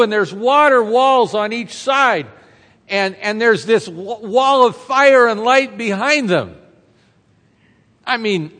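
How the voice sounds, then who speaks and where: A man's voice: sits high, a bit bright. A man preaching a sermon as a pastor, retelling a story in a conversational way and throwing rhetorical questions to the congregation. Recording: reverberant hall sound.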